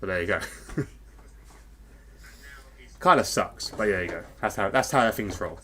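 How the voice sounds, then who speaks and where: A man's voice: low voice, lively intonation, unhurried, pushed and bright. Fields: Sex: man. Role: podcast host. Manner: chatty. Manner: chatty, rambling with fillers and frequent laughs. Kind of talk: casual live podcast chat.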